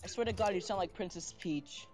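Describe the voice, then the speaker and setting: Brief: quick, mocking woman, mid pitch, game music behind. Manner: mocking, teasing. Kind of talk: casual voice chat while gaming.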